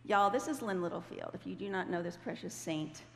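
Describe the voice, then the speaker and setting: A woman tells a story from the stage in a lively, chatty way and acts out the people she quotes. Her voice has a gravelly edge. The sound rings with long hall reverb over a faint background noise. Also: lowish voice, a little fast. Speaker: guest speaker. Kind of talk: storytelling testimony to a congregation.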